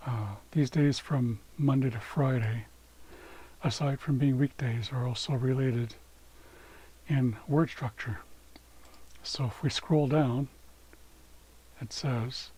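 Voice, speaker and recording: Slow, husky man teaching vocabulary. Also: mid-range voice, dark tone, rough recording. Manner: says each word slowly twice for pronunciation. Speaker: language teacher. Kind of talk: screen-share language lesson.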